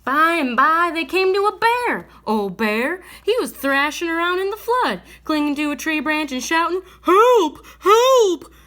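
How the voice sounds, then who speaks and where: Bright, lively woman reading a bedtime story. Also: sits high, moderate pace, few pauses. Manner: gentle, expressive read-aloud.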